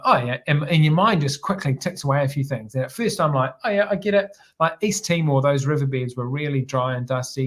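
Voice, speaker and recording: A man with a New Zealand accent tells stories in casual talk, his voice sitting in an ordinary middle pitch. He rambles easily and trips over his words, restarting phrases and doubling them up as he goes. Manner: relaxed, rambling, frequent restarts and repeated words. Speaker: podcast guest, former air force helicopter pilot. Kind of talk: casual storytelling interview.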